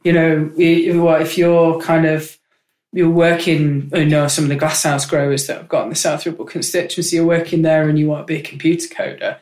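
A woman's voice: deep voice, level tone, a little fast, darkish tone. An upbeat, chatty woman, speaking as a politician guest on an interview. She talks with eager conviction in a roomy office. The room gives her voice a noticeable echo. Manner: enthusiastic, chatty, upbeat advocate. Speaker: member of parliament, guest. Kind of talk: candid conversational interview.

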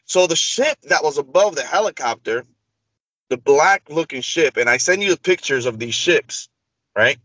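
A man's voice: a little high, normal speed, dry recording, dull audio. A man telling an interview host a long personal story in casual speech, acting out the dialogue. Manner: animated, acts out quoted dialogue. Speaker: interview guest.

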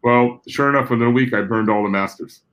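A man's voice: medium pitch, fast talker, fairly bright tone, low-quality recording. A middle-aged man from New Jersey, a guest telling stories in a casual way. He talks with animation, swears freely and acts out the people in his stories. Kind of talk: casual anecdotal storytelling.

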